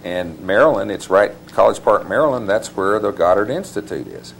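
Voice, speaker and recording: A man with a very deep, gravelly voice gives long, winding interview answers. He pauses often to restart his sentences. Faint hiss sits under the recording. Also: expressive. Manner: meandering, with many uh fillers and restarts. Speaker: author and interview guest. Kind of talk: rambling conversational interview answers.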